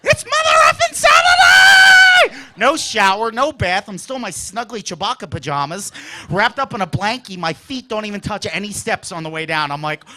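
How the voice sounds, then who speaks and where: A man doing a stand-up routine on a comedy club stage, telling stories in an animated, exaggerated way. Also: high-pitched, a little fast, shouting.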